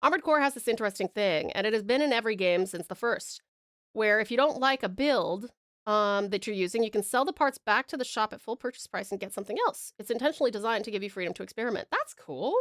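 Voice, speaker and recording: Expressive and fast, with a mid-range voice, a young Australian woman chats bubbly and giggly as she draws on stream, reading chat aloud and calling viewers by pet names. The audio is dry and clean, studio-grade.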